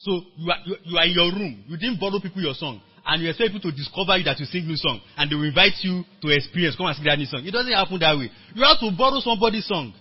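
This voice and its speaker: A Nigerian man preaching to a church workers meeting in a high, husky voice. He tells his story with lively acted-out dialogue and prompts the congregation to answer back. The sound is dull and lo-fi, like a church recording. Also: very fast, few pauses. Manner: animated storytelling, acting out quoted dialogue; calls on the congregation to respond. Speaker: pastor.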